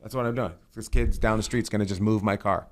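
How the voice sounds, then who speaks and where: A man's voice: lowish voice, steady tone, quick pace. A middle-aged man hosting a casual comedic chat, telling rambling stories and swearing freely. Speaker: podcast host.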